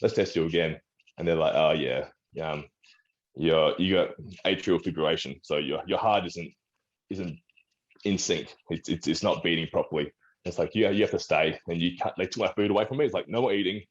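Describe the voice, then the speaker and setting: In a casual interview, an Australian strongman and personal trainer rambles through a story as the guest, restarting now and then and performing the doctors' words. His voice is low-pitched and brisk, and the audio is dull.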